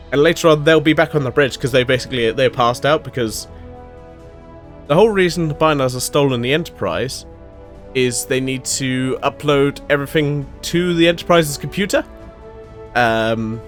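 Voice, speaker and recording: Rambling, swearing man recapping an episode. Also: mid-range voice. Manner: rambling, profane, many fillers and restarts. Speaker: episode reviewer. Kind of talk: casual solo episode recap.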